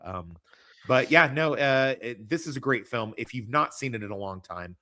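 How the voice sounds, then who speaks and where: A man's voice: medium pitch, expressive, normal speed, bright, forceful tone. A man hosting a casual livestream chat, rambling and joking with lots of swearing. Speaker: podcast host.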